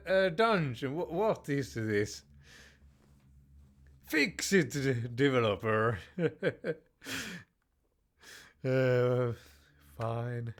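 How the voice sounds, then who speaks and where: With a mid-range, expressive voice, a man works through a text strategy game very slowly, leaving long pauses. He reads the game's text aloud and remarks hesitantly, with frequent fillers, restarts and tongue-in-cheek tyrant-style judgments.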